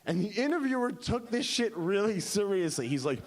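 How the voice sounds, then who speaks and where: A man doing a stand-up comedy set on a theater stage, telling stories in a quick, animated way with a handheld mic. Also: high voice. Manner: quick, animated storytelling with acted-out voices. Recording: live stage recording with audience noise.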